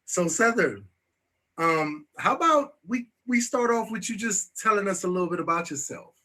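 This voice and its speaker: Guy hosting a chill talk show, husky bright voice, keeps saying you know what i'm saying. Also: sits high, animated, normal speed. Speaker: show host.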